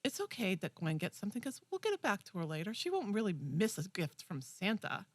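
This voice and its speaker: A young woman co-hosting a community TV talk show, retelling a movie with enthusiastic, animated chat. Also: mid-range voice, brisk, dry recording. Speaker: co-host. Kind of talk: casual chat.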